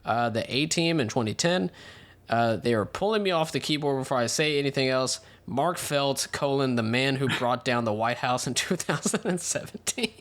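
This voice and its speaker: A man co-hosts a relaxed movie podcast at an ordinary mid pitch. He rattles through trivia and cast lists with dry jokes. Now and then he drops into quick silly voices. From United States. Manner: jokey, reads trivia, slips into quick silly impressions. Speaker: podcast co-host. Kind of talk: casual film podcast chat.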